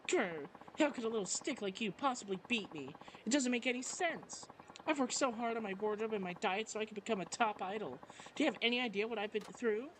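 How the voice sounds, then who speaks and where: A man's voice: high voice, brisk, a bit bright, slight background noise, rough recording. A man reading a game aloud, voicing a vain young female idol rival with a haughty, taunting manner. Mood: petulant. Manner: haughty, taunting, self-important. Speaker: let's play narrator.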